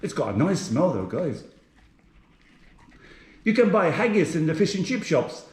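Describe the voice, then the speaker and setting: An English cooking vlogger chats casually with viewers while frying food on the hob in his home kitchen, the pan sizzling away. His slightly high voice is very animated yet measured in pace, and the room sounds echoey.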